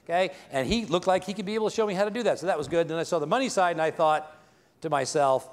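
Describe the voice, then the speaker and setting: Chatty man telling a story, slightly high voice. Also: quick pace. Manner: conversational, checks in with the audience. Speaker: speaker at a business event. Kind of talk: motivational storytelling talk.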